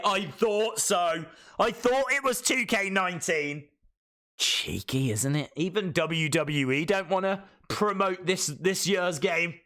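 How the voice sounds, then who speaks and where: A fairly high, bright and forceful male voice. He keeps up chatty, excitable commentary on a live watch-along stream. Between reactions he reads out comments from his viewers.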